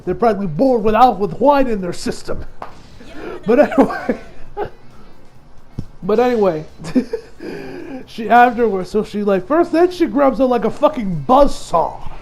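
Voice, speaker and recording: High-voiced man recapping an episode. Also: lively intonation, a little slow, long pauses, darkish tone, faint music behind. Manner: rambling, laughing, lots of fillers. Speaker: anime reviewer.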